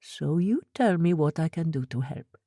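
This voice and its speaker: A woman voicing a middle-aged male shop owner who speaks in quick bursts with a heavy accent and stilted phrasing, in an audiobook. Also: deep voice, animated, dark tone, no room sound, clean studio sound. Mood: brisk concern. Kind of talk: audiobook character voice.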